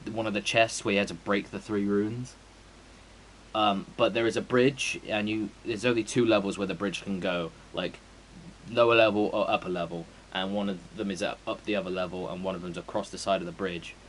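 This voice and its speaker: Rambling, sweary man, low voice. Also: steady tone, moderate pace, slight background noise, rough recording. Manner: rambling, sweary, full of fillers. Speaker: game streamer. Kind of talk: casual chat before a stream.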